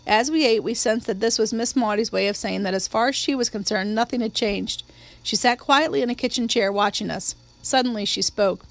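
A woman giving a steady, measured audiobook narration of a novel. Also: fairly high pitch. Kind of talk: scripted narration.

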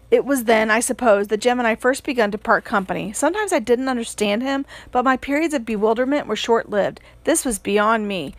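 A woman narrating an audiobook in a steady, measured voice, pitched somewhat high. The recording is close and dry, with no room sound. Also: dry recording. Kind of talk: audiobook reading.

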